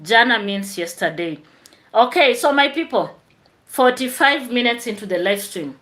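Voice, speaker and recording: A woman's voice: fairly high pitch, lively intonation, normal speed, fairly bright tone, a little hiss or hum. A woman teacher hosting a chatty live stream, tired after work, answering viewer comments.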